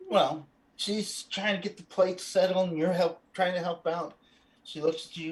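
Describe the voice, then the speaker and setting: A man running a tabletop game as game master, describing scenes in halting phrases full of fillers. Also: sits high, steady tone.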